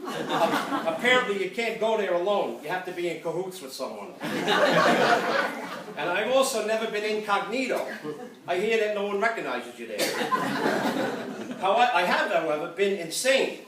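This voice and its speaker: At a church event, an older man delivers stand-up comedy and chuckles at his own punchlines. His high-pitched voice is very animated at normal speed, with long pauses. A phone camera across the room picked it up distantly, with echo and heavy background noise.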